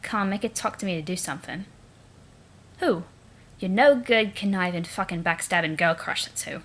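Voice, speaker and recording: A woman's voice: lowish voice, lively intonation, moderate pace, fairly bright tone. A cocky young male troll , put on by a woman reader, speaks in a mangled British accent that leans vaguely Liverpool or Cockney. He swaggers, sneers and swears through every line. He sounds like a brash, self-important prince from a webcomic. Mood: sneering.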